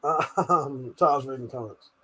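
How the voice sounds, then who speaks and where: A man's voice: mid-range voice, moderate pace, pushed and bright, husky. A man hosting a live stream, laughing and swearing as he reads out viewer comments. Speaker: livestream host. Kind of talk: casual live-stream chat.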